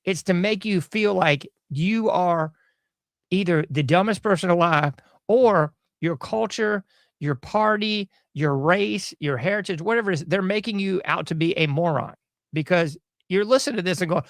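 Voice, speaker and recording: A man's voice: high voice, normal speed, no echo, clean studio sound. A man hosting a podcast, giving a rambling, sarcastic commentary monologue with mocking asides. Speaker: podcast host.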